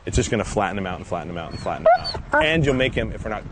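A man's voice: on the low side, big pitch swings, rapid-fire. A man, a dog trainer, coaching a handler through a live session in a casual, instructive way, often checking in with "right?". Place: outdoors, training area. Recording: outdoor noise.

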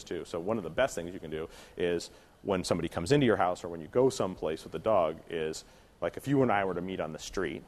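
Low-voiced man teaching a puppy class. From California. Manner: conversational, acts out little scenes with quick voices. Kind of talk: casual classroom lecture. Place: indoor training class room.

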